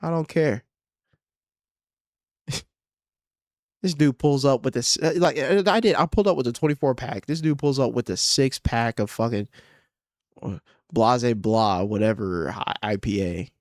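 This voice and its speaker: A man's voice: medium pitch, a little slow, pauses often, no echo, clean studio sound. A young man hosting his own podcast, ranting casually and profanely, rambling and exasperated. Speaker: podcast host and comedian. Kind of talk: casual solo podcast rant.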